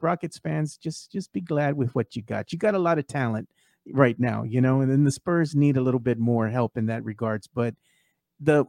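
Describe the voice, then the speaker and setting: A man's voice: mid-range voice, creaky, dark tone, no room sound, clean studio sound. A man hosting a casual sports talk show, talking loosely with lots of fillers and reading out fan posts. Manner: conversational, many fillers, reads fan posts aloud. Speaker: podcast host.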